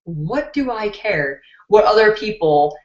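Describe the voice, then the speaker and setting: Young woman, casual live-stream chat, candid and laughing, mid-pitched voice, roomy echo. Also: lively intonation, slow pace. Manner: chatty and candid, laughs easily, many fillers. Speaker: beauty channel host. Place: indoors at home. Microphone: built-in computer mic. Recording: dull, roomy laptop-mic recording.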